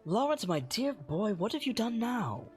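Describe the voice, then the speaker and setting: A man's voice: high-pitched, sing-song, a little slow, soft background music, voice pushed up. A man voicing a kindly, fatherly male forge master who speaks in a courtly, doting way. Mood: fondly scolding.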